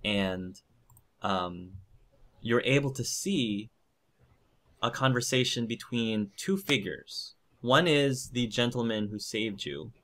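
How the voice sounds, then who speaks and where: A man's voice: medium pitch, takes it slowly, fairly bright tone. A man narrating a tabletop game as game master, hesitant, with many fillers.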